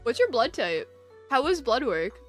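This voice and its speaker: Young female streamer, chatty and animated, high with wide swings in pitch. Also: a little slow, faint music behind. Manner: animated and rambling, with frequent laughter. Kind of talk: casual chat with viewers.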